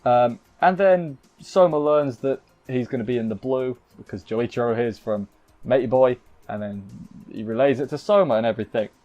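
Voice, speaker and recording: A man's voice: medium pitch, moderate pace, highs cut off. A man giving a rambling, jokey live recap of an anime episode, often poking fun at himself. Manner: rambling, jokey, self-deprecating. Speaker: anime reviewer.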